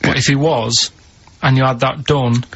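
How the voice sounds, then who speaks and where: A man on a radio show, talking in a deadpan way and musing over odd questions. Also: medium pitch, normal speed, husky. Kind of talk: radio studio banter. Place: radio studio. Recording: slightly muffled radio broadcast.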